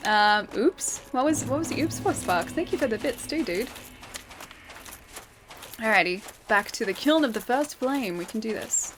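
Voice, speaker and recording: A woman's voice: fairly high pitch, moderate pace, over music. A woman with an Australian accent giving chatty live gameplay commentary, laughing often and thanking viewers as she plays. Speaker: game streamer. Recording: steady background noise.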